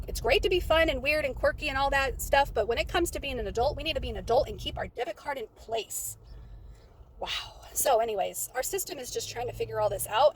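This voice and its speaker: A woman's voice: on the high side, slight background noise, low-quality recording. A woman talking through her notes in a casual, rambling way, often stopping and restarting her sentences. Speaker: vlogger. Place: in and around a parked car.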